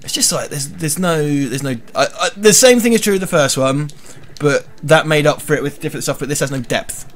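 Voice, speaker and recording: A man's voice: on the high side, fairly quick. A man hosting a casual gaming commentary, joking and swearing through rambling banter. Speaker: host.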